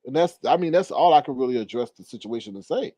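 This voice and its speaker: A man doing casual commentary into a phone at home, sassy and animated, his voice climbing higher when he gets riled. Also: fast talker, breathy edge, no room sound. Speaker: commentary vlogger.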